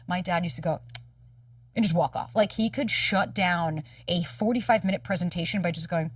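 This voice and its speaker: A woman dating coach telling a personal story in candid conversation, animated and casually swearing as she acts out dialogue. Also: lowish voice, fairly quick, slightly rough, dry recording, recorded from a distance. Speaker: dating coach and podcast guest.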